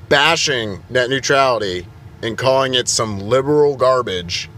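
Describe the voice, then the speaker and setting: This young adult IT technician is ranting for a vlog in a heated, exasperated way, tripping over his words in a fluster. His pitch sits in the middle range with a slightly bright quality.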